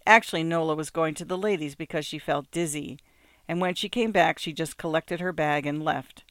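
A man narrating an audiobook in a measured, even storytelling manner. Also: a little high, no echo, studio quality.

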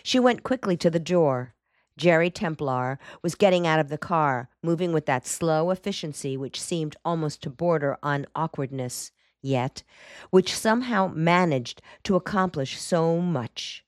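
Studio-quality and dry, this clip has a deep-voiced female audiobook narrator reading a novel in scripted narration. Her storytelling manner stays measured and even.

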